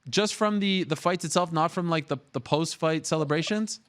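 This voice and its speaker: A man's voice: a little high, normal speed, a bit bright, clear, resonant tone. A man hosting a talk show, chatting casually and eagerly with fillers and restarts. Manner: chatty, upbeat, lots of fillers. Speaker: host.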